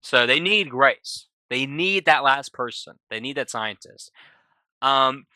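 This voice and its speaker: A man's voice: medium pitch, lively intonation, takes it slowly, bright, forceful tone, no room sound. A man casually retelling a film plot for his review channel, rambling with many fillers and restarts. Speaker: movie reviewer. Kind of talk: casual spoken movie recap.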